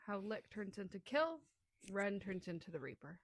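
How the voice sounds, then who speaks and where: A woman co-hosting a book podcast, dropping short, quiet comments into a casual conversation. Her voice is mid-pitched and recorded dry and close. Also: sing-song, normal speed, no echo. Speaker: podcast co-host. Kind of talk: casual book review chat.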